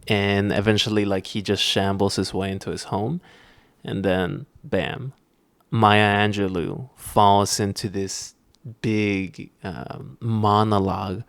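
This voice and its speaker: Young man, podcast host, slow unhurried talk, smooth clear voice, rambling with fillers. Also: on the low side, no room sound. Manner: rambling with many fillers and restarts. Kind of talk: casual chat.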